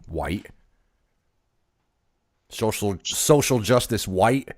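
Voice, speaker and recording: A man's voice: on the low side, lively intonation, extremely slow, dry recording. A man co-hosting a wrestling podcast, ranting mockingly and calling out a critic by name. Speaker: podcast co-host. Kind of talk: casual podcast rant.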